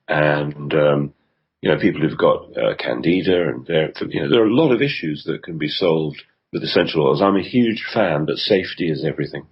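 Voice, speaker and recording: A man with a deep voice and a husky, breathy edge talks as a radio interview guest. He explains at length, pausing often with ums and restarting his sentences. The sound is dull and lo-fi, like a remote line. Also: lively intonation. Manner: hesitant, with frequent ums and restarts. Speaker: health consultant guest.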